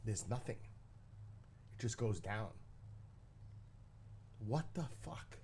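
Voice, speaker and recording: A man's voice: on the low side, expressive, slow pace, darkish tone, slight background noise. A man hosting a live stream from his living room, telling a rambling story in a blunt, casual way and swearing freely. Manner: profane, blunt, talking to chat.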